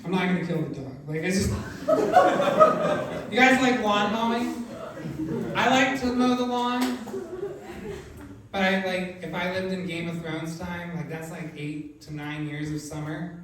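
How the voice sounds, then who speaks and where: Here a middle-aged comedian does stand-up at a comedy club, his delivery rambling and stuffed with fillers, punctuated by abrupt loud outbursts. People on the phone often think his high voice belongs to a woman. He speaks at a normal speed over crowd noise, captured from afar by a mic in a noisy, echoing room.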